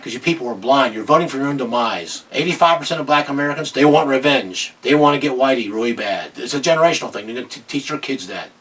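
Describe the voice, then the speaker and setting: A man's voice: mid-range voice, expressive, fast talker, few pauses, a bit bright, breathy edge, recorded from a distance, rough recording. A middle-aged man ranting angrily in a video commentary, agitated and repeating himself. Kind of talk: angry political rant.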